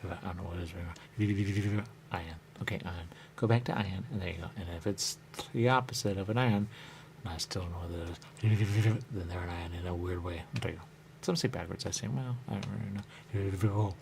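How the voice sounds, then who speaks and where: A radio host with a low, creaky voice talks fairly quickly against a noisy background. His monologue wanders and repeats, and "there you go" comes up over and over.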